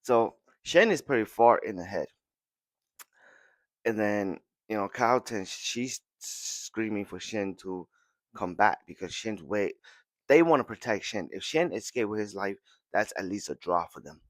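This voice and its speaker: Excited guy recapping a comic chapter, keeps repeating himself, dry close mic. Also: fairly low pitch, a little slow, no echo. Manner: excitable, repeats words, acts out lines. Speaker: podcast host.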